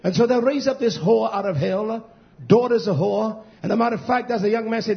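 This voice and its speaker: A man preaching an impassioned sermon, swinging between low mutters and shouted outbursts, drawing out and repeating words for emphasis. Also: brisk, vocal fry. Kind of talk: fiery sermon. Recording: dull lo-fi recording.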